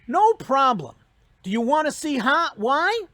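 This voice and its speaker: Brief: speaker voices a calm, smug male rabbit, lively delivery. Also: high voice, a little slow, dry recording, pitched above the performer's own voice, exaggerated voice. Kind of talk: joke told in a speech.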